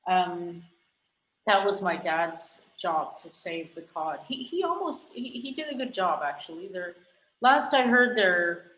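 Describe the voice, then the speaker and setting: A woman's voice: lowish voice, very animated, a little slow, fairly bright tone, reverberant, low-quality recording. A Canadian woman, a scientist guest, chatting frankly and rambling on a podcast, swearing casually now and then.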